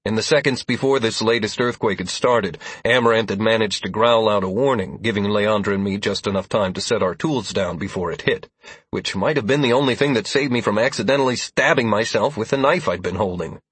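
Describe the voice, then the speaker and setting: Husky low-voiced male audiobook narrator. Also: fairly bright tone, dry recording. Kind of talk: first-person fantasy audiobook narration.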